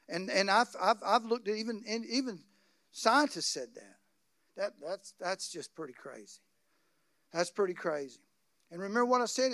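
A male pastor preaching a sermon, swinging from quiet asides to loud, excited bursts. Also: high voice, dry recording, studio quality.

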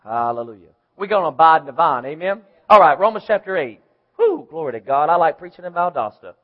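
A man's voice: fairly high pitch, expressive, fast, narrow, tinny audio. A man preaching a sermon in church, emphatic, calling out to the congregation for answers. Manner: emphatic preaching with call-and-response.

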